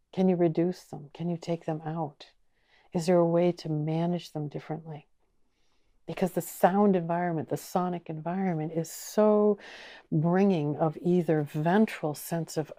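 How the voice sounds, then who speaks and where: A woman teaching an online course, speaking slowly and gently and asking the listener many inviting questions. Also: sits low, fairly even intonation, creaky. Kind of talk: guided teaching talk.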